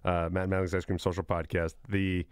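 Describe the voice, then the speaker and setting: A man chatting on a podcast, laughing often and tossing in relaxed asides. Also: deep voice, fast, smooth, dry recording, studio quality. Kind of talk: casual chat.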